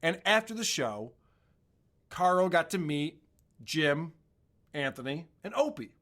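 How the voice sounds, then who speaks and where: A man's voice: fairly high pitch, lively intonation, slow pace, a bit bright. A man co-hosting a podcast, casually commenting on radio clips with profane, mocking humor. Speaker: podcast co-host.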